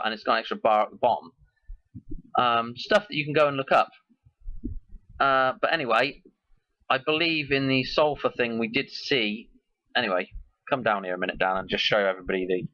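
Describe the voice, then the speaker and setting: A man's voice: mid-range voice, steady tone, moderate pace, long pauses, sharp tone, no echo, highs cut off. A man hosting his own video, talking casually and in a rambling way as he links one idea to the next. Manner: musing, loosely connects ideas. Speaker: video host.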